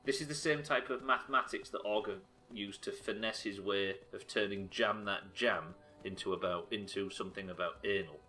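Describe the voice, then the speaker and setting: A man's voice: on the low side, normal speed, few pauses, pushed and bright, soft background music. A man streaming a game live, chatting casually and joking with his chat, with frequent swearing. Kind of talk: casual commentary while playing.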